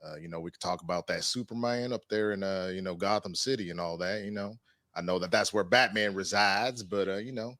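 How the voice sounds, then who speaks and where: A man putting on a drawling country cowboy voice, talking slow and flirty. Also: low-pitched, sharp tone, no echo. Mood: teasing.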